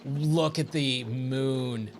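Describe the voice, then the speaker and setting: A man's voice: mid-range voice, drawn-out words, a little hiss or hum. A man chatting casually on a gaming livestream, easily amazed and thanking viewers, with faint game music behind.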